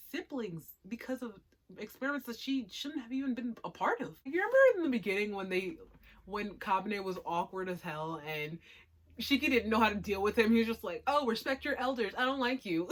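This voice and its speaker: A woman hosting a casual spoken review, talking emphatically and moving from hushed remarks to loud outbursts. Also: medium pitch. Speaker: anime reviewer.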